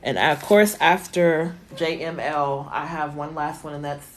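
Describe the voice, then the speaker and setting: A woman giving a live-stream tarot reading from her phone, chatty and reassuring, thinking aloud with lots of fillers, her voice going hoarse. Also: deep voice, measured pace. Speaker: tarot reader.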